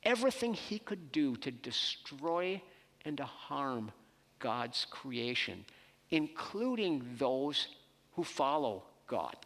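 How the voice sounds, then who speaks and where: Male pastor, unhurried and emphatic, high-ish animated voice, reverberant sanctuary. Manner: expressive, slow and emphatic delivery. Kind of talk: sermon with scripture reading. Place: church worship center.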